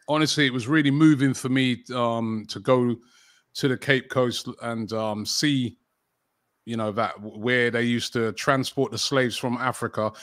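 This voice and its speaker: A man's voice: medium pitch, fairly even intonation, a little slow, fairly bright tone, no echo. Chatty English man, dry close sound. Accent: London English. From England. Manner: chatty, frequent fillers and restarts. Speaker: football channel host, interview guest. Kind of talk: casual interview conversation.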